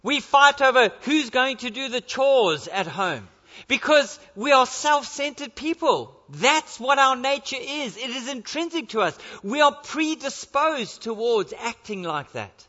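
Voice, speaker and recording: Earnest, high-voiced preaching man. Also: animated, a little slow, sharp tone. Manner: earnest, with repeated rhetorical questions. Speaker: pastor. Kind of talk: sermon. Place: church. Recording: dull lo-fi sound with long church reverb.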